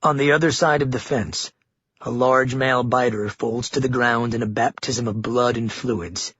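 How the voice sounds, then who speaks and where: A man narrates a grim audiobook in a steady, grave voice with a husky, breathy grain. His pitch sits in a middle range for a man. The recording is dry with no room sound and slightly dull, lacking crisp highs. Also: normal speed, dry recording.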